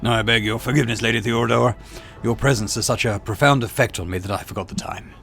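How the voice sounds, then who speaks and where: A man's voice: mid-range voice, fairly even intonation, fast, vocal fry, fairly bright tone, soft background music. A man doing a sneering Cockney brute. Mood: mock-humble. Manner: contemptuous, mocking. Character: sneering burly male ship official.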